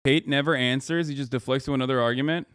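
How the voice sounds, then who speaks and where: A man's voice: mid-range voice, fairly even intonation, fast, a bit bright, clear, resonant tone, no room sound, clean studio sound. Heated, profane male streamer. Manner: heated, profane, sarcastic rant. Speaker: livestream host. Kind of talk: reacting to a debate clip.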